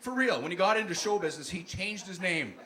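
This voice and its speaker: A man performing an animated stand-up comedy set on a club stage, shouting his punchlines in put-on voices. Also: high-pitched, fast, noisy background. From Canada. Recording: live club recording with loud crowd laughter.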